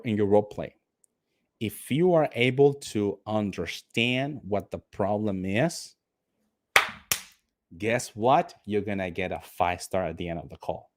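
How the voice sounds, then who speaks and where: Nicaraguan man teaching English class. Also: medium pitch. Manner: emphatic, repeats questions to the class, acts out angry customer. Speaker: English teacher for call center staff. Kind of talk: online class lecture.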